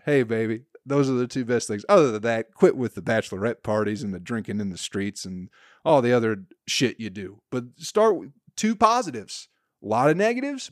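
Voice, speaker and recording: A man's voice: medium pitch, dry recording, studio quality. A man around forty, hosting a solo comedy podcast and rambling crudely with profane, sarcastic asides. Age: 40s.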